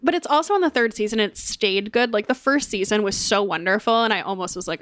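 A woman's voice: mid-range voice, expressive, quick pace, hardly any pauses, fairly bright tone, no echo, studio quality. A young woman co-hosting a podcast, chatting in an upbeat way with lots of casual fillers. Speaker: podcast co-host. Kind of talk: casual chat with ad read.

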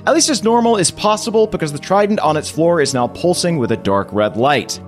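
A man game master, hosting and narrating a tabletop game recap in a playful, animated storytelling way. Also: fairly high pitch, fairly quick, soft background music.

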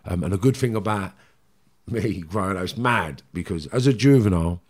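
A man's voice: deep voice, brisk, darkish tone. A middle-aged man with a Cockney accent, bluntly recounting his past in a rambling interview. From London, England. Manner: blunt, rambling, frequent "do you know what I mean". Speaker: guest. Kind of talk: candid interview storytelling.

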